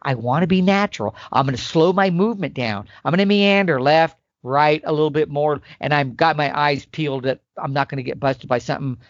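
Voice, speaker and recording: Man, hunting-talk guest, higher voice, dry close sound, muffled audio, emphatic. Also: brisk, few pauses, dry recording. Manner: animated and emphatic, acts out elk calls. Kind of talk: instructional podcast chat.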